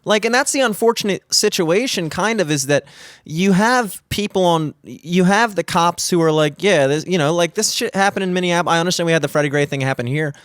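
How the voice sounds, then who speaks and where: A young man co-hosting a studio podcast, telling a story in casual, animated chat with plenty of swearing and acted-out quotes. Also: high-pitched, a little fast, no room sound. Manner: animated, swearing, acts out quotes in raised voices. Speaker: podcast co-host. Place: small studio. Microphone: studio mic.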